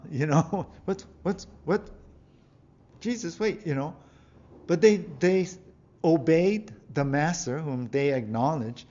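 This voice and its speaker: A man's voice: a little high, a little mellow, muffled recording. A male pastor giving a conversational sermon, reading scripture and acting out the people in it with a raised voice. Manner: conversational preaching, acts out quoted figures with raised voice.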